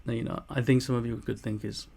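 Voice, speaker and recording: A man's voice: mid-range voice, little pitch movement, quick pace, creaky, mellow, husky. A man, casually reading and answering viewer comments in a blunt, mock-boastful way, swearing often. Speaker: vlogger replying to comments. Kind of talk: casual comment-reply monologue.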